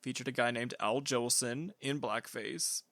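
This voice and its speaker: A man's voice: medium pitch, a little slow, a bit bright, no echo. A man co-hosting a podcast in casual chat, chatty, laughing often and trailing off with fillers. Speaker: podcast co-host.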